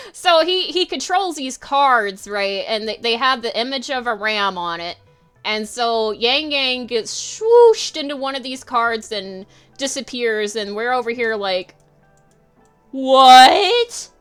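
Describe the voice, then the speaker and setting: Woman streamer, casual rambling commentary, bright crisp voice, unhurried, faint music behind. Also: on the high side. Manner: rambling, giggly, swears freely. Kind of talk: casual livestream commentary while drawing.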